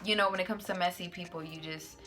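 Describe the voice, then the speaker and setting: A woman's voice: on the low side, fairly even intonation, fast, background noise. A young adult woman hosting her own channel, telling a casual storytime in a sassy, slangy way with plenty of "like"s. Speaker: YouTuber host.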